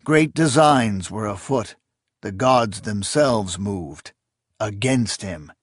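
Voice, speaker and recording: Slow, lively-voiced male narrator. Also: on the low side, no room sound. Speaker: audiobook narrator. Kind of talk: scripted fantasy narration.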